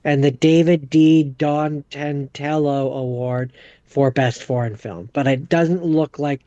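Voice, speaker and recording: Halting man reading out film facts, dull recording. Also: a little high, steady tone, warm tone, dry recording. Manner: halting, reads out facts with fillers. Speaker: podcast co-host. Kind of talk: casual movie chat.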